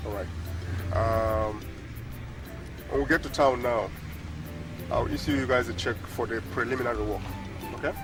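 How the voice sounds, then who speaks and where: A man playing a wealthy landowner who gives brisk, businesslike orders in a Nollywood film, heard from a distance with music under him. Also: medium pitch, close to an everyday voice. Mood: commanding. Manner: commanding, businesslike.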